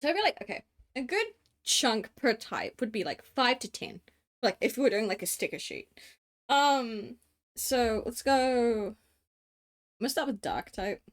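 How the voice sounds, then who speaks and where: A woman's voice: on the high side, animated, a little slow. Australian woman, late twenties, streamer, casual chat while drawing, rambling, swears, laughs a lot. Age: late 20s.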